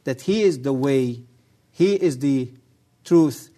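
A man, a guest on the program, giving an earnest testimony and appeal in halting English with non-native grammar, measured and solemn. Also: medium pitch, animated, mellow.

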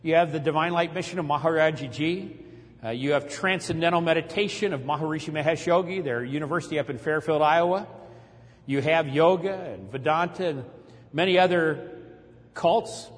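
A man's voice: on the high side, normal speed. A man preaching a sermon, telling a dramatic story and raising his voice as he preaches. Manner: dramatic retelling, voice rising when preaching. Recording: long hall reverb.

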